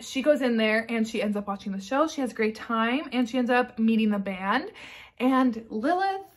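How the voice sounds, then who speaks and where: A woman's voice: fairly high pitch, a little fast. A woman in a casual chat about books, talking bluntly with lots of fillers. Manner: chatty and blunt, heavy on fillers like "like". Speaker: book reviewer.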